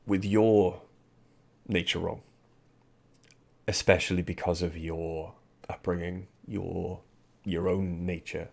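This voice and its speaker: Man, very low voice, game master, tabletop narration, rambling asides. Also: flat delivery, slow, gravelly, darkish tone.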